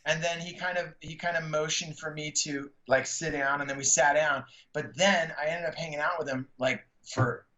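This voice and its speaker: Animated middle-aged man telling stories. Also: fairly high pitch, normal speed, hardly any pauses. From San Francisco Bay Area. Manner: animated, slangy, acts out quotes in raised voices. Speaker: stand-up comedian and podcast guest. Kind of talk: casual storytelling interview. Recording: echoey room, slightly dull sound.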